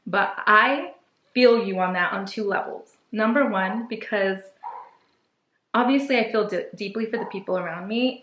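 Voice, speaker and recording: A woman's voice: mid-range voice, sharp tone, dull audio. Candid young woman, echoey room. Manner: candid, opinionated, chatty. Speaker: podcast co-host. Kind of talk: casual advice chat.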